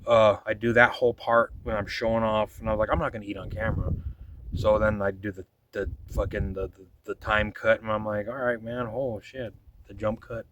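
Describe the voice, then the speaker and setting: Rambling, swearing low-voiced man. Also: recorded from a distance, background noise. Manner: rambling, profane, restarts often, quotes himself. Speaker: vlogger. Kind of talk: casual storytelling monologue.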